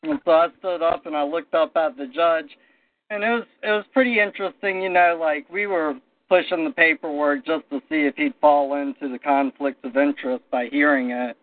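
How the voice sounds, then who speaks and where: A man telling a story casually, with animated anecdotal delivery. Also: on the high side, normal speed, no echo. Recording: tinny phone-line audio.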